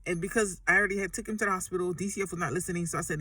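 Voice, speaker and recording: A woman's voice: lowish voice, fairly even intonation, very fast, bright, forceful tone, breathy edge, no echo. A woman ranting emotionally to her camera from inside a parked truck, agitated and swearing heavily, often repeating herself. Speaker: vlogger. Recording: voice somewhat far from mic.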